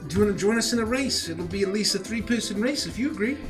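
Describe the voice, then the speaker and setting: A man playing a tabletop game in character, earnest and a little halting. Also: high voice, lively intonation, over music. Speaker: player. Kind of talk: in-character tabletop role-play.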